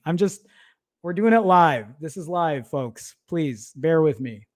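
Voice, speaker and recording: A man's voice: fairly high pitch, lively intonation, slow pace, darkish tone. A man hosting a casual tech livestream, rambling and apologizing as he fumbles with photos, muttering and swearing under his breath. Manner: rambling, self-interrupting, apologetic while fumbling with files. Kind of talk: casual live-stream chat.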